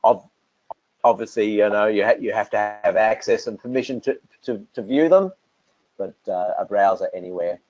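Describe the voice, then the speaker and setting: A man with an Australian accent presenting software and answering technical questions, relaxed, with many fillers and restarts. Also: fairly low pitch, normal speed. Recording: dull, dry lo-fi audio.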